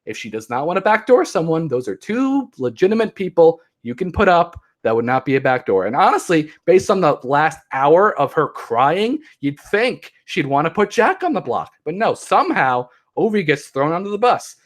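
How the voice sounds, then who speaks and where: A man's voice: fairly high pitch, very animated, moderate pace, hardly any pauses. Rambling, exasperated young man podcasting. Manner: rambling, exasperated, mocking impressions. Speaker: podcast host. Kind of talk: casual recap commentary. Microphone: handheld podcast mic.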